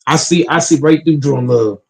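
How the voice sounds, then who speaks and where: A man hosting a sports talk panel in a slightly higher-than-usual voice. He talks in loose, emphatic bursts, swears freely, and doubles up words as he restarts a thought. The delivery is casual and argumentative. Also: fairly quick, vocal fry, low-quality recording. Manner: emphatic, profane, repeats words when restarting.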